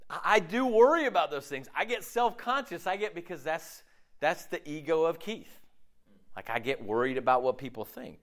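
Man preaching, high voice, very lively swings, chatty, keeps asking okay. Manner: animated, conversational preaching with frequent "okay?" check-ins; acts out inner dialogue in shifting voices. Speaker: pastor. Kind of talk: sermon.

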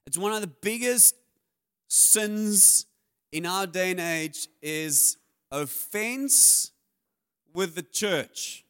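A man's voice: high-pitched, expressive, extremely slow, fairly bright tone, smooth. A man, preaching a sermon as a pastor in a candid, confessional way with self-deprecating humor.

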